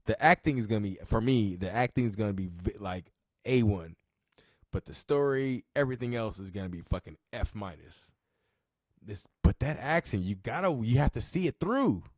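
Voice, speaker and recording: Podcast host: low-voiced man, relaxed and profane, chuckling through his reactions, dry sound. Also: moderate pace, dry recording. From Southern California. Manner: laid-back, profane, laughs a lot. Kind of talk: casual reaction commentary.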